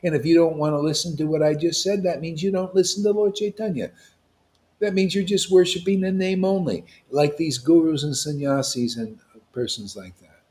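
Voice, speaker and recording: A man preaching to a devotional gathering, emphatic and confrontational, with casual slang, swinging between loud declarations and hushed asides. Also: on the high side, fairly even intonation, normal speed. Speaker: spiritual teacher at a devotee gathering. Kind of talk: impassioned devotional sermon.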